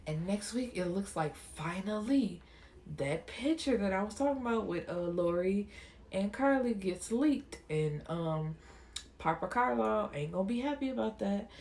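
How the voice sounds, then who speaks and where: A woman's voice: mid-range voice, animated, measured pace, darkish tone, slight background noise. A young woman casually recapping and reviewing a TV episode in a slangy, chatty way, acting out the characters' lines as she goes.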